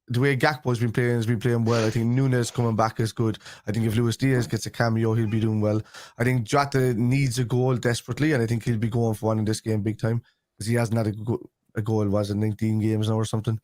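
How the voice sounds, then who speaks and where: A man's voice: medium pitch, flat delivery, brisk, darkish tone, dry recording. Man musing, dry close sound. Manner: thinks aloud, repeats "I think". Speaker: guest pundit. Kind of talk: casual chat.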